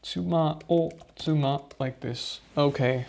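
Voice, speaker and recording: A man's voice: medium pitch, fairly even intonation, normal speed, gravelly, few pauses, darkish tone. A man reviewing vocabulary flashcards on his own, thinking aloud and muttering answers to himself. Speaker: language learner reviewing flashcards. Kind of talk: casual study session vlog.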